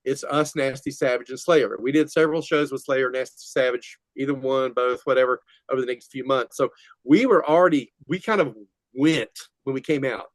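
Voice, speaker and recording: A man's voice: medium pitch, moderate pace, dry recording. Older man telling rowdy band stories. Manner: rambling, laughing, animated retelling. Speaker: guest, metal musician. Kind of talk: casual storytelling interview.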